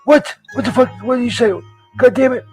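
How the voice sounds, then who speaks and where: A man playing a dim, foul-mouthed Saint Peter in a comedy sketch, who is baffled and then cusses in a high, yelling voice. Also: fairly even intonation, a little fast, soft background music. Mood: furious. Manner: bewildered, then explodes into profane rage.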